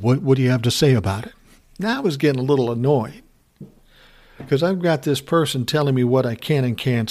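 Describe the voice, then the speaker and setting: A middle-aged man telling a workplace story in a blunt, wry, casual way, chuckling now and then. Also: medium pitch. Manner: blunt, wry, laughs through his story.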